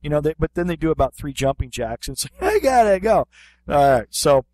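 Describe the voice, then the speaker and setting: A man's voice: on the high side, fast, no echo. A man co-hosting a podcast, telling a funny story in casual chat with lots of fillers and restarts. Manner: animated anecdote telling with many fillers. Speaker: podcast co-host, martial arts instructor.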